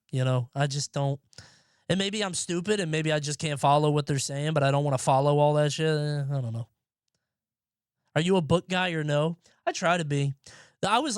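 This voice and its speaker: A man's voice: a little high, dry recording, studio quality. Rambling, profane young male streamer. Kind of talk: casual live-stream chat. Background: faint music.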